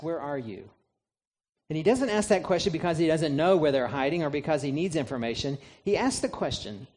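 A man's voice: a little high, darkish tone. Man preaching with rhetorical questions. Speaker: pastor. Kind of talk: sermon.

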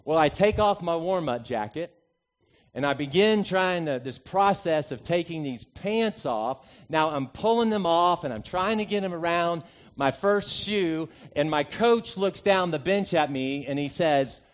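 A man in his forties, a pastor, preaching a sermon that opens with a humorous personal story, told with lively, punchy emphasis. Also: fairly high pitch, measured pace. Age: 40s.

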